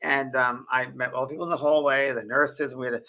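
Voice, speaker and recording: An older man hosting a casual talk show, telling stories in an animated way. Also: medium pitch. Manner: storytelling, animated, quick. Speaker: host. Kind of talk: casual conversation.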